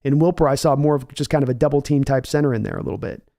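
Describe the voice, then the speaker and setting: A man's voice: medium pitch, fairly even intonation, rapid-fire, mellow. A man hosting a casual live-stream sports show, reading viewer comments aloud and answering them in a conversational, folksy way. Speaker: podcast host reading chat.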